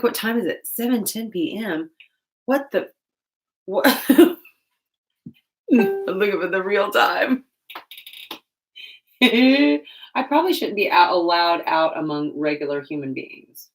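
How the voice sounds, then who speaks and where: A woman vlogger chatting casually while painting, rambling and laughing often. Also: fairly low pitch.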